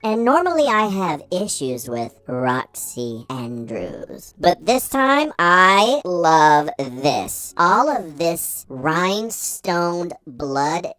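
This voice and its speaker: A woman's voice: fairly low pitch, sing-song, extremely slow, few pauses, fairly bright tone, no echo. A woman co-hosting a casual review podcast, chatty and gushing with dramatic emphasis. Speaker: podcast co-host.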